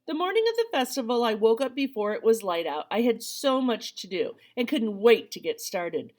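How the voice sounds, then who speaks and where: A woman reading a first-person novel aloud, lifting her voice for the dialogue lines. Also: normal speed. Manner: voices dialogue with lively rising pitch. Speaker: audiobook reader.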